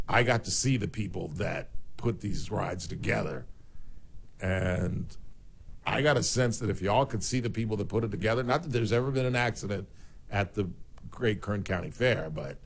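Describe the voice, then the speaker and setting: A man hosting a radio show, telling stories in a rambling, animated way. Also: lowish voice, creaky. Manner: rambling, animated storyteller, swears for emphasis. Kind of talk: casual talk radio chat.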